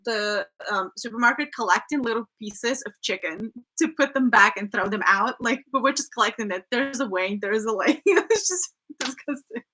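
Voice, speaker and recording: This is a woman co-hosting a casual question-and-answer video and chiming in with funny stories. Her voice sits a little high and sounds bright and forceful, and her delivery is chatty and quick to laugh. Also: expressive. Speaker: co-host. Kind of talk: casual Q&A chat.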